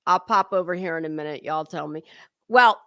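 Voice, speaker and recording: A woman's voice: low-pitched, a little fast, a bit bright, no room sound, clean studio sound. A woman hosting a casual livestream commentary, chatty and swearing freely as she greets her chat viewers by name.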